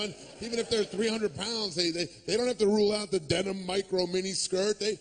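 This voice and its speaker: A man doing a stand-up routine on a club stage, ranting sarcastically and acting out shouted street voices on a handheld mic. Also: high voice, fairly even intonation, brisk, hardly any pauses, a little hiss or hum. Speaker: stand-up comedian.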